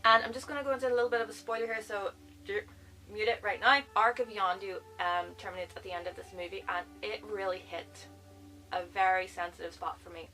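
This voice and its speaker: A woman's voice: medium pitch, steady tone, fairly quick, pushed and bright, far from the mic, faint music behind, rough recording. A woman chatting enthusiastically in a casual movie review vlog, full of fillers like "like.". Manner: gushing, chatty, lots of "like".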